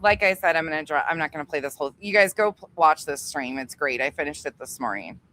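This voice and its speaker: A woman with a somewhat low voice hosts a casual livestream. Her talk is loose and profane, and she laughs easily as she thanks members by name. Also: expressive, bright, forceful tone. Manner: chatty, profane, quick to laugh. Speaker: livestream host.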